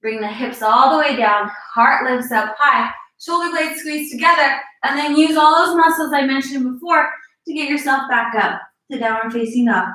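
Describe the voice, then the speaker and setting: Bright high-voiced woman cueing yoga. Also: normal speed. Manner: encouraging, cueing moves while exercising. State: slightly out of breath. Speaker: fitness instructor. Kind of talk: live-streamed yoga class instruction. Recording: echoey room, distant mic.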